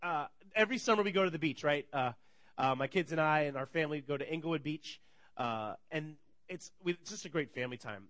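Male pastor, 30s, high animated storyteller, bright voice, acts out dialogue. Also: fairly quick, no echo. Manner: energetic storytelling, acts out dialogue, laughs often. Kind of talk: sermon.

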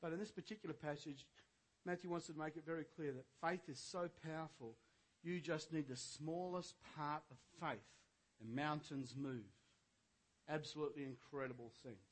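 Older man, pastor, sermon, high voice, quiet asides, loud shouted preaching, storytelling. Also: lively intonation, moderate pace. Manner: tells jokes and stories.

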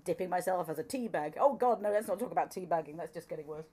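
A woman co-hosting a casual comedic chat, tossing in dry, quick quips. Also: lowish voice, expressive, a little mellow. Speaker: podcast co-host.

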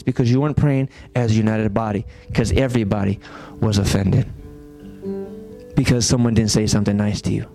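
A man's voice: on the low side, steady tone, moderate pace, dark tone, faint music behind. A man, preaching a sermon as pastor and throwing rhetorical questions at his congregation. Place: church sanctuary.

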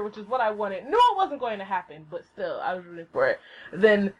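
A woman hosting a solo podcast, ranting casually with lots of swearing and bursts of squealing excitement, recorded at home on a laptop. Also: medium pitch, brisk, muffled recording. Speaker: podcast host. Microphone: laptop mic.

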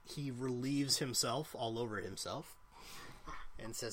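A man narrating as game master of a tabletop game, relaxed, with many fillers. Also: mid-range voice, moderate pace, a little hiss or hum.

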